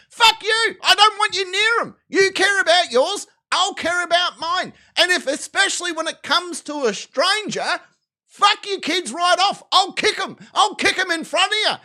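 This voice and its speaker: Brash, animated Australian man. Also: very high voice. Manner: crude, swaggering, rambling. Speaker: live stream host. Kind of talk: profane live commentary on videos.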